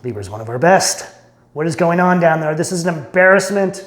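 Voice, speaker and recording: A man's voice: fairly high pitch, expressive, fairly quick, a bit bright. A man voicing an exasperated, commanding cosmic Source energy that scolds indignantly. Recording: roomy echo.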